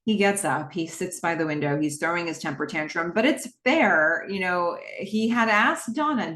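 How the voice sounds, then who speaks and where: A woman's voice: on the low side, lively intonation, normal speed, hardly any pauses, a bit bright. Woman podcaster chatting through an episode recap, echoey room, casual. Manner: chatty, laughing asides. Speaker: podcast host. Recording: roomy echo.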